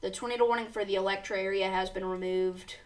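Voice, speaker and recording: A woman's voice: medium pitch, steady tone, fast talker, distant mic, slight background noise. Woman giving urgent live storm coverage. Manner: urgent, reads warnings aloud, addresses viewers as you guys. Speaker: severe weather livestream host.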